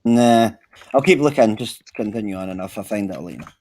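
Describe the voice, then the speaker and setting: A man's voice: fairly low pitch, lively intonation, quick pace, darkish tone. A man in casual chat on a livestream, slangy, swearing and enthusiastic.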